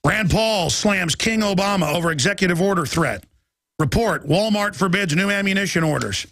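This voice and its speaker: A middle-aged man hosting a political talk radio show, ranting urgently and reading headlines aloud in quick bursts. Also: high voice, fairly bright tone, no room sound. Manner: urgent, alarmed, rapid-fire ranting.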